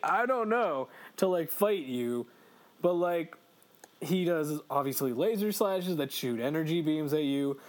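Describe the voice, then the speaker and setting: A man co-hosting a casual video game chat, excitable, swearing freely and laughing often. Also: a little high, measured pace. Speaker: let's play co-host.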